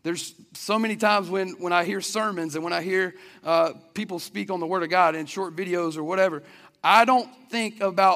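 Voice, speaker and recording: A man preaches a sermon earnestly and conversationally, frequently restarting his sentences, while a hall's long reverb trails his words. His voice is high and a bit bright, at a moderate pace.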